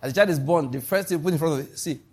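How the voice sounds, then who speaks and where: Rapid-fire speech in a fairly high, breathy-edged voice marks this middle-aged Nigerian pastor's sermon. He hammers phrases through repetition and questions his listeners to see that they keep up.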